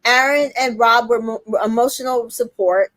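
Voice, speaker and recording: High-voiced woman recapping reality TV. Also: fairly bright tone, no echo. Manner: retells scenes quoting the cast in quick voices, many fillers. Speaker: podcast host recapping a reality show. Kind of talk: casual recap chat.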